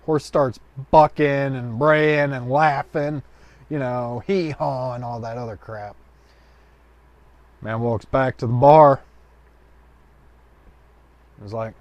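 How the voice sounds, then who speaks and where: A man's voice: medium pitch, takes it slowly, long pauses, a little mellow, dry recording, lo-fi sound. A man telling a joke in a loose, colloquial storytelling way with rambling asides. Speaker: joke teller.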